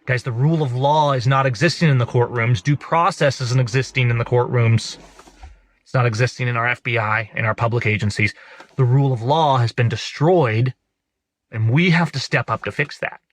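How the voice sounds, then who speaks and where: A man's voice: mid-range voice, normal speed. A man hosting an online show, giving emphatic, indignant political commentary to his viewers.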